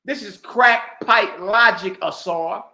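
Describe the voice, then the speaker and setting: A man giving heated, mocking reaction commentary, repeating himself and bursting into shouts. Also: high-pitched, slow pace, creaky. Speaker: online commentator. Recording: roomy echo.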